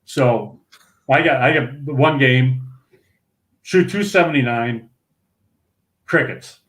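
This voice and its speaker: A man in his sixties from Minnesota, a guest telling rambling, lively stories full of restarts and chuckles in a relaxed podcast chat. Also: mid-range voice, takes it slowly. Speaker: interview guest, retired pro bowler. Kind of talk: casual storytelling in a podcast interview.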